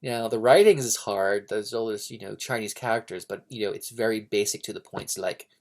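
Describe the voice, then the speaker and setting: A man's voice: fairly low pitch, a little fast. Rambling man reviewing a book. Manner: rambling, lots of fillers and restarts. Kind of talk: casual unscripted book review.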